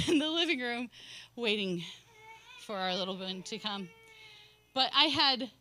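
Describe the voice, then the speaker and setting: Young woman sharing her church testimony, bright and a bit high, laughs a lot, totally dry sound. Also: dry recording. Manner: emotional storytelling, laughing often and acting out what she said. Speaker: church member giving a testimony. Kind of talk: personal testimony at a church service.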